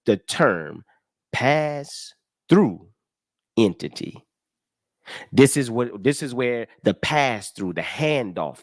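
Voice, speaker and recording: A man's voice: medium pitch, no echo. A man teaches taxes in a casual, emphatic way, counting out form lines and stopping to ask his listeners rhetorical questions. His voice rises and falls a lot as he drives each point home. The sound is close and dry, with no room around it. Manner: emphatic and animated, with rhetorical questions and folksy talk; walks through a form line by line, counting aloud. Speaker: tax educator. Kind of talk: casual explanatory lesson. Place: live stream with comments.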